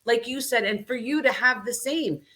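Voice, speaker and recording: A woman hosting a live video chat, animated and talkative, often tagging her points with "right?". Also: fairly high pitch, moderate pace. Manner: animated, frequent "right?" tags. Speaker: host. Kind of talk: casual live-stream chat.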